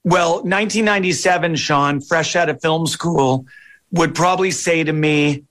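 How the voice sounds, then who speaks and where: A middle-aged man, a film director, answering interview questions in a relaxed, chatty, self-deprecating way. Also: fairly high pitch, normal speed.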